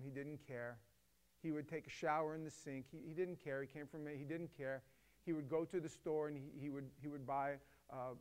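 Passionate middle-aged man, slightly high voice. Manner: passionate, swings from loud emphatic bursts to hushed tones. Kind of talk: emotional storytelling to a co-host.

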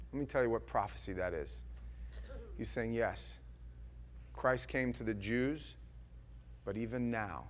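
A man preaching a sermon in a casual, folksy way, shifting from quiet asides to loud, emphatic scripture readings. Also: medium pitch. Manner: conversational, folksy preaching with slang.

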